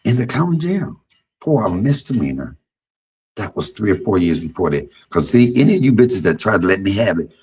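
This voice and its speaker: A man in his fifties speaks in a husky, fairly low voice. He talks on a livestream in a blunt, profane personal monologue, and his pitch swings widely from loud outbursts down to low murmurs. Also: sing-song, brisk, poor audio. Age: 50s. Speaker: livestream host.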